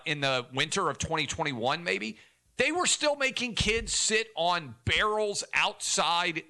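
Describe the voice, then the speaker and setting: A man's voice: a little high, pushed and bright. A man co-hosting a talk radio show who argues his points with indignation. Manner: indignant, argumentative. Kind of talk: opinionated talk radio commentary.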